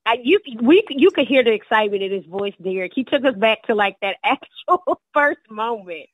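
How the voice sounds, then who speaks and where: A woman's voice: a little high, expressive, moderate pace, dry recording, rough recording. Chatty woman co-host, dry sound. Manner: amused, chatty reactions. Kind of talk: casual interview chat.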